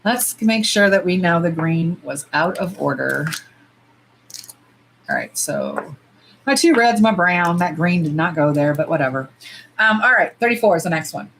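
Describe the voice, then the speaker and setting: A middle-aged woman hosting a casual livestream. She talks bluntly with plenty of swearing and sometimes breaks into loud squeals. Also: lowish voice, normal speed, slight background noise, rough recording. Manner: blunt, profane and animated, jumping to loud squeals. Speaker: nail polish livestream host. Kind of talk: casual livestream chat while swatching.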